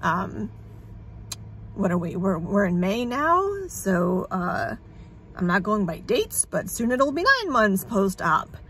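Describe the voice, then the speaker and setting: A woman's voice: mid-range voice, big pitch swings, slow pace, fairly bright tone, a little hiss or hum. A woman talking candidly in a casual vlog, sarcastic and frazzled, rambling and swearing freely. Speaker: vlogger sharing her illness journey.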